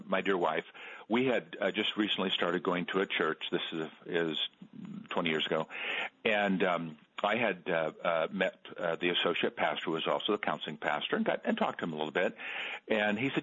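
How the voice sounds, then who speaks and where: A middle-aged man, an author guest on a radio interview, telling stories in an earnest, halting way and repeating words. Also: sits low, expressive, a bit bright, husky. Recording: dull lo-fi radio sound.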